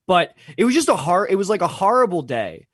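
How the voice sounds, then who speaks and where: A man's voice: sits high, sing-song, brisk, slightly rough, no echo. Rambling young man, dry close sound. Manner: rambling, filler-heavy, swears freely. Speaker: podcast co-host. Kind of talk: casual storytelling chat.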